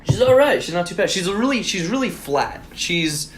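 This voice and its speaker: A man co-hosting a podcast, chatting crudely and casually, telling animated stories. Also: normal speed, a little hiss or hum. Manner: animated storyteller, mimics his mom in high voice. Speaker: podcast co-host.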